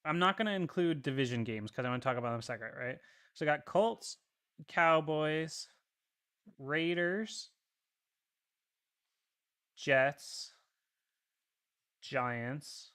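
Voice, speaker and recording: A man co-hosting a casual sports podcast, animated and ranting, swearing freely as he talks through a schedule. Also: on the high side, takes it slowly, pauses often, smooth. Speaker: podcast co-host.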